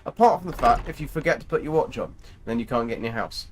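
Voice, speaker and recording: Chatty British gaming streamer. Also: male voice, medium pitch, expressive, quick pace. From Britain. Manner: chatty, playful, joking. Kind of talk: casual livestream commentary.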